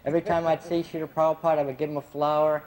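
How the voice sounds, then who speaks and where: Recalling his time as a gardener, this devotee shares casual stories in rapid-fire fashion, his slightly high, somewhat mellow voice barely shifting in pitch. Laughter and filler words come frequently in his chatty delivery, heard on a low-quality recording.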